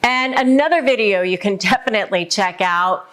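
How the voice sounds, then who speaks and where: A woman's voice: mid-range voice, moderate pace, a bit bright. A woman hosting a casual advice video who talks to camera in a conversational way, with many fillers. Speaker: host giving relationship advice.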